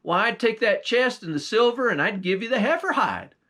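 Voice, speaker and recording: A man's voice: high voice, animated, brisk, pushed and bright, pitched above the performer's own voice. A man voicing a clever young trickster lad who feigns reluctance, in a storytelling drawl. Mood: coy.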